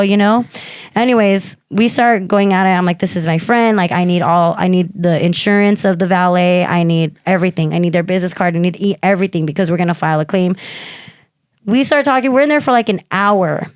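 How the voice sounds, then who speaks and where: A woman's voice: lowish voice, fast talker, smooth, no echo. Woman comedian, podcast co-host, casual storytelling, profane, acts out quotes, dry close mic.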